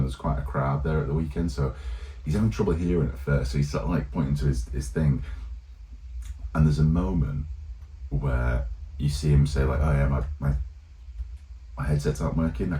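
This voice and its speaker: A man's voice: very deep voice, warm tone. A man, hosting a sports video in a wry, rambling monologue full of fillers and restarts. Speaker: rugby league video host. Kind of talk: casual commentary monologue. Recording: echoey room, poor mic sound.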